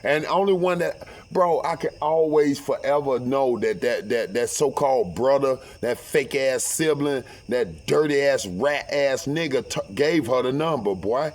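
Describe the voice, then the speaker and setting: A middle-aged man telling a story in a casual, profane way. His voice sits at an average pitch, and he stays animated, acting out each voice as he goes. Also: a little slow. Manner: profane, animated, acts out every voice.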